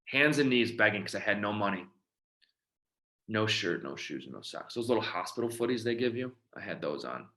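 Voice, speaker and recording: A man, telling his own recovery story in a halting way, full of fillers and often trailing off quietly. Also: on the low side, animated. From Detroit, Michigan. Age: 30s. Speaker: recovery outreach speaker. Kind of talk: personal testimony talk.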